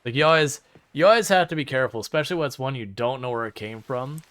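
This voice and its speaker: A man's voice: medium pitch, fast, a bit bright, clear, resonant tone, soft background music. A man live-streaming a game, chatting casually and rambling with sarcastic asides to his viewers from a home setup. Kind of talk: casual live-stream chat while playing.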